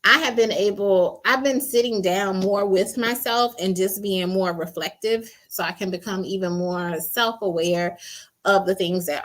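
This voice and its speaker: A woman hosting a casual livestream, reading viewer comments aloud, chatty and laughing often. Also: on the low side. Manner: chatty, laughs often, drops to quiet asides. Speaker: livestream host.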